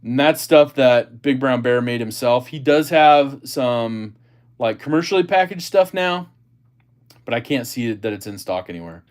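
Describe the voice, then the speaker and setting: A man's voice: medium pitch, expressive, moderate pace, darkish tone. A man hosting a casual livestream, chatting about gear and reading viewer comments aloud. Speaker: livestream host.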